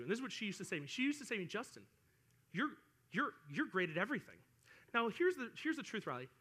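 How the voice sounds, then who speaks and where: A young man preaching an interactive sermon to kids as a youth pastor, telling stories and talking straight to his listeners. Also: sits high. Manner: animated storytelling, addresses listeners directly.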